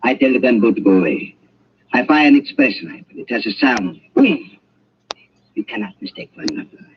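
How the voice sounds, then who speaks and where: An actor playing a nervous, fawning German doctor with a German accent who stammers, in an old radio drama. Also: male voice, medium pitch, lively intonation, moderate pace, close to an everyday voice. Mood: nervous, wheedling. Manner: stammering, anxious, ingratiating. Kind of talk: 1940s radio drama acting. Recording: dull lo-fi old radio recording, faint hiss.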